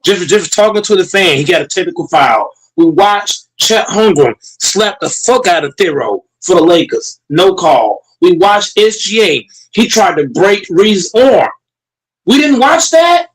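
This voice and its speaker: A man's voice: sits high, expressive, a little slow, hardly any pauses, rough recording. A man streaming a heated, profane rant, repeating himself and talking straight to his chat.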